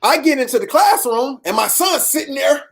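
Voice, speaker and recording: A woman's voice: high voice, expressive, normal speed, creaky. A woman, telling a personal story in a casual, preachy way, repeating questions and acting out the people she quotes.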